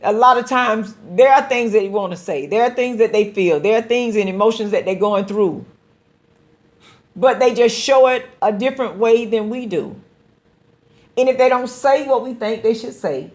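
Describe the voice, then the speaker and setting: A woman's voice: on the high side, normal speed. Earnest woman pastor hosting a show. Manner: earnest, exhorting, addresses listeners directly with repeated phrases; stammers on repeated words while building a point. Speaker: pastor and radio show host. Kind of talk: preaching-style call-in show talk.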